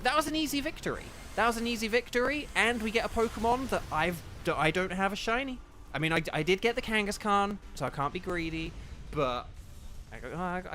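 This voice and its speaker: A male voice actor streams a game and gives casual live commentary, chatty and full of ums, breaking into sudden excited bursts. His voice is high-pitched, and there's a little hiss or hum in the audio.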